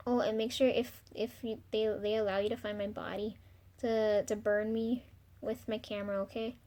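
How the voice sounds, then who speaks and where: A young woman talking to the camera in a rambling, confessional video diary, full of ums, casual swearing and soft trailing pauses. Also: on the high side. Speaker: vlogger.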